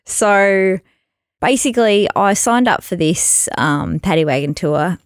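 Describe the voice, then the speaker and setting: A woman's voice: mid-range voice, animated, unhurried, no room sound, studio quality. A young woman hosting a podcast, chatting casually and laughing through a travel story. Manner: chatty, laughs through her own stories.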